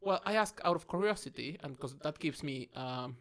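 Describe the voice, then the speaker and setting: A man from Mexico, not an English speaker, talks in a slightly high voice. He speaks casually, with hesitant restarts, and keeps calling his friend "mate.". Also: animated, normal speed, a bit bright. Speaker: podcast co-host. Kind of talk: casual chat over drinks.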